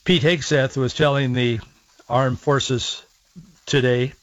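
A man's voice: mid-range voice, fairly even intonation, takes it slowly, dry recording. Guy host reading out a news piece and chatting around it, dry close sound, kinda dull lo-fi. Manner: conversational, digressive retelling with restarts. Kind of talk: reading and retelling a news story.

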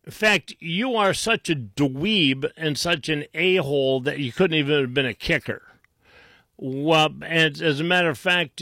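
A man's voice: a little high, pushed and bright, no room sound, studio quality. A man hosting a talk radio show, mocking and sarcastic, often restarting his sentences. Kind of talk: combative talk radio commentary.

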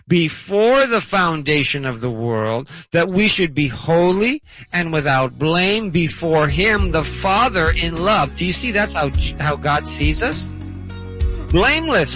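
A man's voice: fairly high pitch, a bit bright, dry recording. Emphatic man preaching on radio. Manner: emphatic, exhorting, repeats key phrases. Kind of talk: radio sermon.

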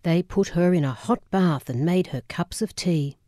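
A woman narrating a memoir audiobook in a measured, solemn way. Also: lowish voice, dark tone, no room sound, studio quality.

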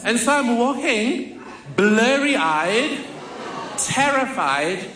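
A man's voice: extremely high pitch, big pitch swings, drawn-out words, a bit bright. A man from telling a vivid, self-mocking personal story on stage in a large hall. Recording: echoey hall with faint noise.

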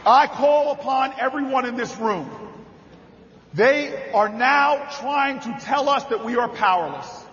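Senator guy hyping up a convention crowd, repeats himself, yells the big lines, low-fi muffled audio with faint room noise. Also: animated, unhurried. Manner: repeats phrases, builds to shouted climaxes. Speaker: senator giving a convention speech. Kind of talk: rousing political speech. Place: large convention hall, indoors. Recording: dull, reverberant hall sound.

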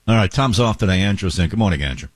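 A man with a husky, low-set voice hosts morning radio at a rapid clip. He reads ads in a brash, joking way, ad-libbing as he goes. The sound is close and dry. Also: expressive, no room sound. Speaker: radio show host. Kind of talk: morning radio talk and live-read ads. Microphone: close studio microphone.

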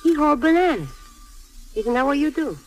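An actress playing a blunt, grieving widow and seamstress. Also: female voice, high voice, lively intonation, brisk, a little mellow, faint music behind, low-quality recording. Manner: blunt, scolding then tender. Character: fiery grieving Italian-American widow seamstress. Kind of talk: stage or film drama acting.

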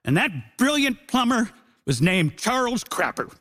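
A man arguing a comic case on a debate show, animated and jokey. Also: very high voice, a little slow, heavy background noise. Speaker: comedian debater. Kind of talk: stand-up style argument.

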